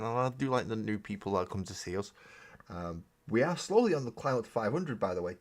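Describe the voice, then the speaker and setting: A man's voice: fairly low pitch, expressive, fast. A man hosting a live stream, chatting casually and rambling with self-mocking humor while painting miniatures.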